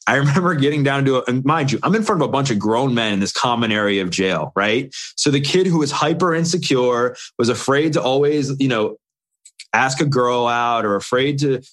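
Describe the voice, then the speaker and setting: A man's voice: mid-range voice, expressive, normal speed, fairly bright tone. A man in an interview, earnestly telling his own story in short, run-on phrases. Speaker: interview guest. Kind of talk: candid personal storytelling.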